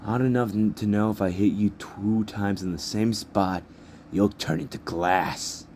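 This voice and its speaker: A man with a low voice putting on a brash, threatening teenage boy bully in a fan story. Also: steady tone, unhurried, a little mellow, a little hiss or hum, lightly acted. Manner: threatening, clipped taunts.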